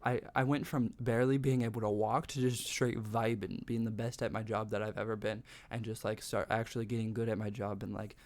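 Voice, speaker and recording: A man's voice: on the low side, flat delivery, fairly quick, hardly any pauses, a little mellow. A young man vlogging from his bedroom, telling a personal story in a rambling, casual way, full of "like" and swearing. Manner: rambling, heavy use of "like", sweary.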